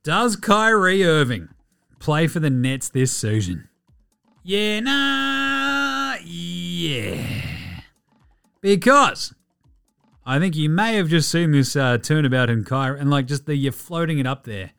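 A man's voice: fairly high pitch, moderate pace, clean tone, soft background music. Sweary Australian man ranting about basketball. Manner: sweary, animated, jokey. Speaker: podcast host. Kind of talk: casual sports podcast rant.

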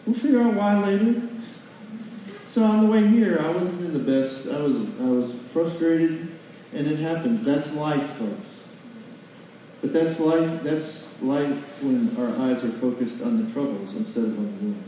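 A man preaching a sermon in a church, folksy and animated, asking the congregation questions. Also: a little high, unhurried, slight background noise. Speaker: pastor. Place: church sanctuary. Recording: distant mic in a very echoey hall, lo-fi.

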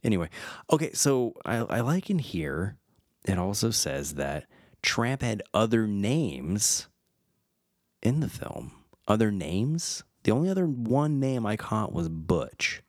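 A man's voice: lowish voice, very animated, slow pace, dry recording, studio quality. A man in his thirties hosting a podcast, reading film trivia aloud in a wry, chatty way and stumbling over names. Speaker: podcast host.

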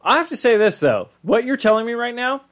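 A man's voice: very high-pitched, very animated, a bit bright. A man co-hosting a podcast in rambling casual chat, reacting and riffing. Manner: rambling, chatty, reacts with quick interjections. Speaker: podcast co-host.

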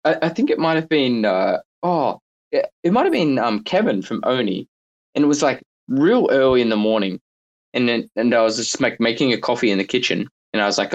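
A man's voice: mid-range voice, lively intonation, a little fast. A man telling stories in a loose, rambling way in a live audio chat room, filling his talk with "like" and laughing often. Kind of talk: casual banter.

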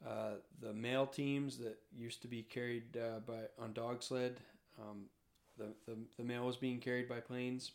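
A man's voice: medium pitch, flat delivery, measured pace, creaky. A man reading aloud from a memoir and explaining in between, hesitant with fillers when speaking freely.

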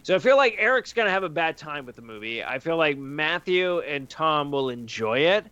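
A man's voice: a little high, big pitch swings, moderate pace, pushed and bright, smooth, no room sound, muffled recording. A man hosting a casual podcast chat, talking animatedly and acting out his friends' reactions. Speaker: podcast host.

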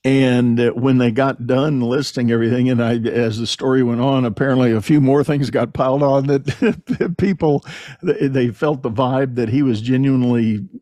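A male podcast host telling a story in an animated, conversational way, often repeating words as he starts a sentence. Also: medium pitch, normal speed, no echo.

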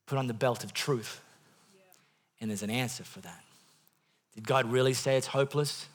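A man preaching a sermon in a church, swinging from hushed passages to loud bursts and repeating phrases for emphasis. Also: medium pitch, normal speed, long pauses. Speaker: pastor.

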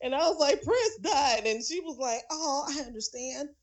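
A woman in casual conversation, telling stories in a lively way and acting out the voices of the people she quotes. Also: sits high, normal speed. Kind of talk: casual chat.

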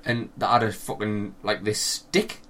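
A man's voice: fairly low pitch, measured pace. A young man with a Northern English accent, co-hosting a casual chat and animatedly acting out his stories with plenty of swearing. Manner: animated storytelling, acts out quotes, swears a lot. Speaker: podcast co-host.

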